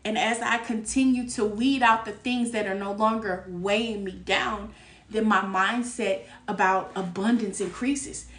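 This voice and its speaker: A woman's voice: medium pitch, measured pace, distant mic. Candid tarot-reading woman in an echoey room. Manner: candid, lively, laughs often, streetwise slang. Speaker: tarot reader. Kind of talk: live tarot reading stream. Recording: echoey room, voice a bit off-mic.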